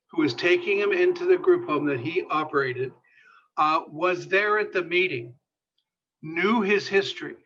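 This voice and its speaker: Impassioned high-voiced man lecturing. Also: pushed and bright. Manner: impassioned, repeats phrases for emphasis, many fillers. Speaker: guest speaker on sexuality and disability. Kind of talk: lecture storytelling. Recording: dull lo-fi sound.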